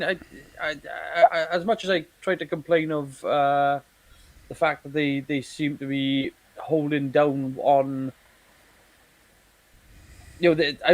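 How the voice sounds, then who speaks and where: A man co-hosting a casual chat about a TV series, talking in halting bursts with many restarts and repeated words. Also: fairly high pitch, no echo. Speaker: podcast co-host.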